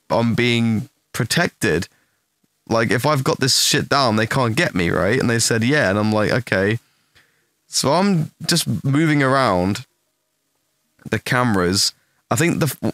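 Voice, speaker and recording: A man's voice: medium pitch, dry recording. A young man casually telling a rambling, profane story to his stream, acting out the lines of the people in it. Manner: profane, animated anecdote with acted-out quotes.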